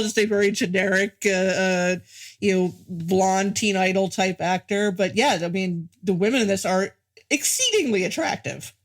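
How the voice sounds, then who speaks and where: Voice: mid-range voice, a bit bright. A podcast co-host discussing a film in casual chat, with lots of fillers and repeated starts.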